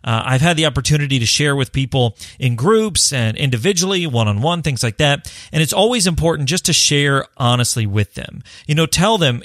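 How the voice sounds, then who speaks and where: A man's voice: on the high side, big pitch swings, normal speed, hardly any pauses, a bit bright, no room sound, clean studio sound. A man hosting his own podcast, talking in an upbeat, encouraging, conversational way. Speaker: podcast host. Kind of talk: casual solo podcast talk.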